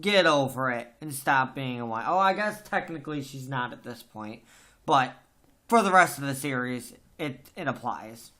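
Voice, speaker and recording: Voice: medium pitch, lively intonation, normal speed, bright, forceful tone. A podcast host in a casual book discussion, talking emphatically and venting strong opinions.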